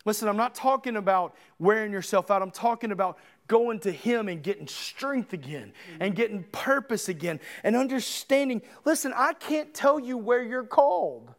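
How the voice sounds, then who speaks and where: A male pastor delivers a sermon in a church, his voice sitting unusually high. He talks with passion, climbing to shouts on his key points and then sinking into low, earnest urging. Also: moderate pace, few pauses.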